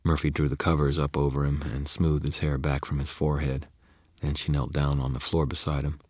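A man's voice: very deep voice, level tone, a little fast, a little mellow, dry recording, studio quality. A man narrating a first-person story in a gritty, understated way. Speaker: audiobook narrator.

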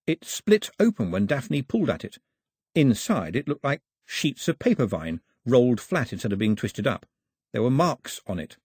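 A man reading a storybook aloud in an expressive, varied narration. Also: mid-range voice, moderate pace, slightly rough, dry recording, clean studio sound.

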